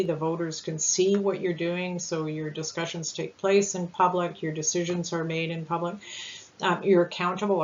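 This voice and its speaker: A woman presenting a candidate information session in a measured manner, with frequent ums and uhs. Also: fairly low pitch. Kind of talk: informational talk. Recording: dull lo-fi sound with faint hiss.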